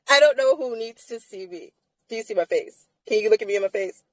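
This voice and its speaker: A woman's voice: on the high side, animated, brisk, dry recording, low-quality recording. A tired woman co-hosting a live-stream chat, emphatic and repetitive, swearing freely. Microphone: streaming mic.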